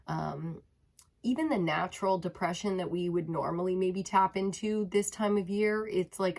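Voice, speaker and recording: A woman's voice: lowish voice, moderate pace, vocal fry. Chatty woman giving a tarot reading. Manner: warm, chatty, addresses viewers as loves. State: a little out of breath. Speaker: tarot reader. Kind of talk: casual spiritual chat to camera.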